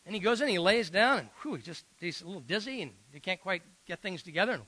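Emphatic high-voiced male preacher. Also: lively intonation, fast talker, few pauses, bright, forceful tone, dry recording, poor audio. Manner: earnest, emphatic, with frequent fillers and restarts. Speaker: pastor. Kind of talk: sermon storytelling.

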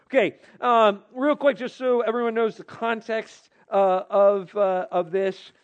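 A young man with a high voice preaches to a youth group in a casual, lively way. He talks to his listeners directly and asks them questions as he goes. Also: unhurried, hardly any pauses, highs cut off.

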